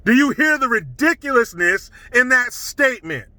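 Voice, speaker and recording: Middle-aged male commentator, emphatic and scornful; high, very bright voice. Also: very animated, normal speed, dry recording, poor audio. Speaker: political commentary vlogger. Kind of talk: opinionated monologue.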